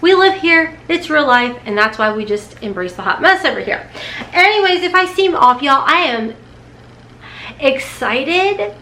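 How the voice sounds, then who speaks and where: A woman's voice: high voice, animated, a little slow, sharp tone, a little hiss or hum. A woman vlogger, chatting casually to the camera in a rambling, emotional way, nervous and close to tears. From Kentucky, USA. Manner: rambling, emotional, talks in bursts with restarts. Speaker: beauty vlogger. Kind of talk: casual unboxing vlog chat.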